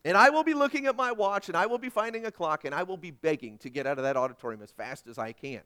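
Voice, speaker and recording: A middle-aged man delivers a sermon from the pulpit in a high-pitched, very animated voice. He pokes fun at himself and jumps between loud bursts and quiet, earnest stretches. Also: fast talker, smooth. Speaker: pastor.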